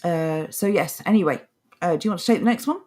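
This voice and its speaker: A woman's voice: fairly low pitch, quick pace, dark tone. A woman on a podcast, reading articles aloud and answering them with sarcastic, mocking remarks in casual chat. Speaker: podcast co-host.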